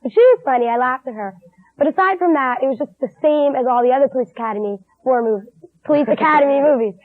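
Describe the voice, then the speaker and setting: High-voiced giggly female movie reviewer. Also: fast, dry recording. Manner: chatty and giggly, says "like" a lot. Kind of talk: casual movie review chat. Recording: tinny lo-fi 1980s TV broadcast.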